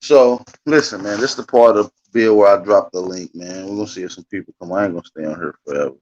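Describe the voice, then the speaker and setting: A man's voice: sits low, fast talker, a little mellow, lo-fi sound, slight background noise. A man hosting a casual livestream, talking loosely and repetitively as he calls out to his viewers and keeps adding "man.". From United States. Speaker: livestream host.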